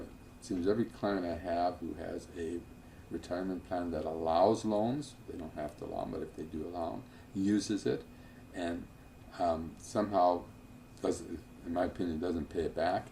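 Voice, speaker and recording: A man lectures on financial planning in a low, mellow voice. He talks loosely and digresses, with plenty of fillers and dry asides. A faint hiss of noise runs underneath. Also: creaky.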